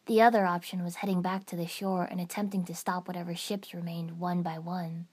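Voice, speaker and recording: A woman narrating a first-person fan fiction story in an even storytelling manner. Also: lowish voice, brisk, breathy edge. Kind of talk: fan fiction audiobook reading.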